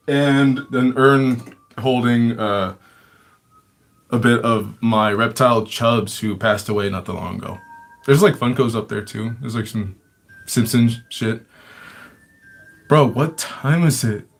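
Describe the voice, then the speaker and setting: A man's voice: medium pitch, fairly bright tone. A man telling stories in a casual livestream chat, rambling and swearing, with lots of filler words and frequent laughter. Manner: rambling and profane, many fillers; laughs often. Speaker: livestream storyteller.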